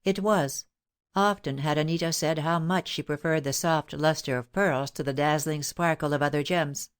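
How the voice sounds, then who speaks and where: A woman narrating an audiobook in a steady, even reading voice. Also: sits low, moderate pace, clean tone. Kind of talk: scripted narration.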